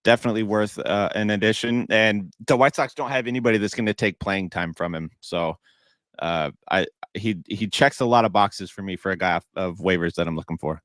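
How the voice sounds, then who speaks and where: A man guesting on a fantasy baseball podcast, giving measured player analysis. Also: lowish voice, fairly bright tone, no room sound. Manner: analytical, measured, some restarts. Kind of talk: casual podcast chat.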